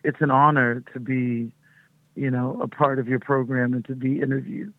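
A woman's voice: rumbling low, little pitch movement, normal speed, dry recording. A woman musician interviewed over the phone, speaking effusively and gratefully. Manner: effusive and grateful, laughs often. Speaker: recording artist guest. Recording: tinny phone line.

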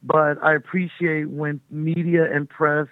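A woman's voice: deep voice, little pitch movement, a little slow, no echo. A middle-aged woman, a touring music artist, chatting upbeat and rambling as a guest calling into a radio show. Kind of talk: phone interview on radio. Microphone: phone call. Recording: tinny phone line.

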